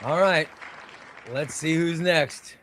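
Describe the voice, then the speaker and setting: A man's voice: a little high, slow, a bit bright, some chatter behind, slight background noise. A man hosting a casual comic book livestream, chatting with viewers and calling out names as they are eliminated from a giveaway wheel. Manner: chatty, exclaims at each elimination.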